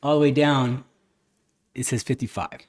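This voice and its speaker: A man's voice: medium pitch, fairly even intonation, normal speed. A man hosting a casual podcast chat, telling stories animatedly and acting out the people he quotes. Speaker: podcast host.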